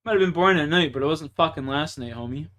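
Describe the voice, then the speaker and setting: A man's voice: fairly high pitch, fast talker. A young man with a Canadian accent, chatting and ranting casually and profanely while streaming a game. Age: young adult. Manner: profane, ranting, swings between loud and mumbled. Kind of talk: casual chat while gaming.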